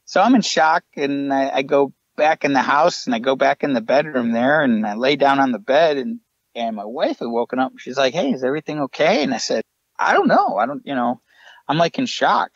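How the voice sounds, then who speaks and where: A man's voice: mid-range voice, moderate pace, dry recording, dull audio. A man, a paranormal investigator, earnestly recounting his ghost encounters as a podcast guest. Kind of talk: storytelling in a podcast interview.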